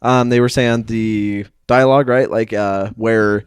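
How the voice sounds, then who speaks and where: Chill young dude talking movies, smooth clean voice, dry close mic. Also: male voice, on the low side, fairly even intonation, unhurried, dry recording. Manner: enthusiastic, agreeable, with frequent yeahs and likes. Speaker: film review podcast co-host. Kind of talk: casual chat.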